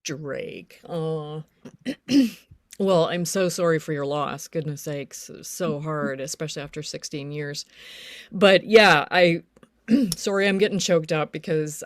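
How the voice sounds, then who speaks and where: A chatty woman with a fairly low voice gives psychic readings on a live panel, filling gaps with ums and laughing easily. Her sound is dry and close. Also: measured pace, no echo.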